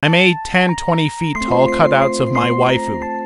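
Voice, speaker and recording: A man speaking in a deadpan way. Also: mid-range voice, moderate pace. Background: loud mallet music.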